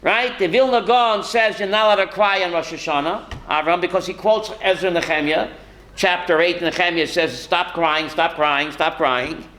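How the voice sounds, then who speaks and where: A man's voice: sits high, a little fast, a bit bright, rough recording. A man, a rabbi, teaching a Torah class to students, calling on them by name and quoting Hebrew sources.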